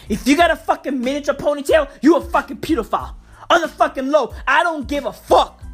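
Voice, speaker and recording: A woman with a fairly high voice tears into her subject in a profane comedic rant. She swears constantly, repeats herself and leans on street slang. Faint music plays underneath. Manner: heated, swearing, repetitive rants with slang. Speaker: comedic ranter.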